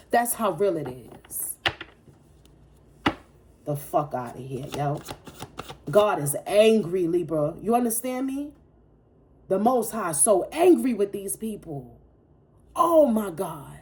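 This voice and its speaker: A woman's voice: mid-range voice, big pitch swings, a little slow, pauses often, background noise. A woman giving a casual spiritual tarot reading, speaking with emphatic, preachy force, blunt and profane, repeating phrases for effect. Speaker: tarot reader.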